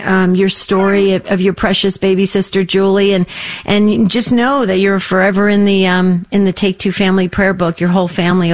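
A woman hosting a faith-based call-in radio show, encouraging and affirming each caller. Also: mid-range voice.

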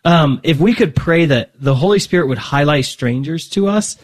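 A man's voice: on the high side, lively intonation, normal speed. A man talking casually as a guest about his faith, often restarting sentences and acting out little conversations. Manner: rambling, restarts often, acts out dialogue. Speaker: podcast guest.

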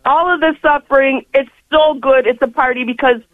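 A woman's voice: high-pitched, fairly even intonation, moderate pace, no room sound. Effusive older woman on a phone line. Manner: effusive, rambling, laughs often. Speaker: caller. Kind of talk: call-in radio chat.

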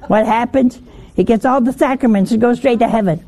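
A woman's voice: a little high, brisk, warm tone. A woman giving a conversational sermon, often asking the listeners questions and telling homely anecdotes with a chuckle. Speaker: preacher.

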